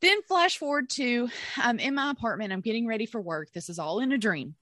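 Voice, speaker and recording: A woman's voice: a little high, brisk, dry recording, clean studio sound. A woman, co-hosting a podcast and telling a story in casual chat, laughing often and acting out what she and others said. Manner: animated, laughing storyteller who acts out her own quotes. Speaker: podcast co-host.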